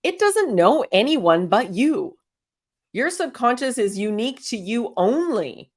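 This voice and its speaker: A woman's voice: on the high side, very animated, a little slow. A woman hosting a casual spiritual self-help talk, chatty and encouraging, firing off strings of rhetorical questions and laughing often. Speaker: host.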